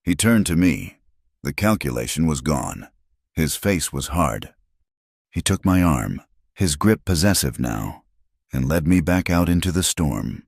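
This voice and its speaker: A man reads a first-person story aloud in a steady, dramatic storytelling manner. His voice is extremely deep, yet his pitch moves in a lively way. The sound is dry and close to the mic. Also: a little slow, gravelly, slightly rough, dry recording. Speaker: audiobook narrator. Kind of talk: scripted first-person narration.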